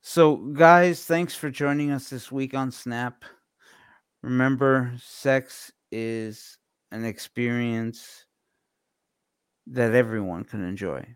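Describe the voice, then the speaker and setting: A man co-hosting a casual podcast, talking with many fillers and pauses. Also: mid-range voice, clean tone, dry recording, studio quality. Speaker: podcast co-host.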